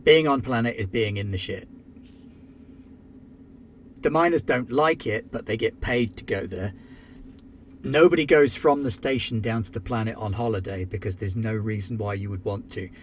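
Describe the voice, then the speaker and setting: A man narrating a tabletop game as game master, relaxed and descriptive. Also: on the low side, moderate pace, pauses often, slight background noise.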